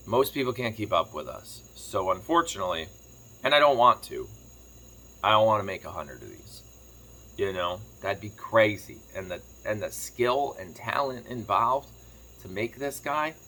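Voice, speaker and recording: A man chatting casually to camera as a farm vlogger, telling a rambling story quickly while sitting on his kitchen floor. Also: fairly low pitch, animated, pushed and bright. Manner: rambling, fast-talking storyteller.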